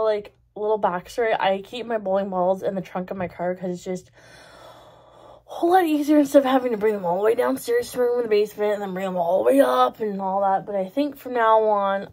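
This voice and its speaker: A woman's voice: medium pitch, a little mellow. A woman in her twenties vlogging in a casual, rambling way, giggling and exclaiming often. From Canada. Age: 20s. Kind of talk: casual chatty vlog.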